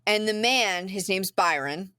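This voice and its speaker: Woman, podcast host, casual film recap, rambling with fillers, mid pitch, dry close mic. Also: a little slow, bright, forceful tone, smooth, no echo. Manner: chatty storyteller with frequent "um" and "like".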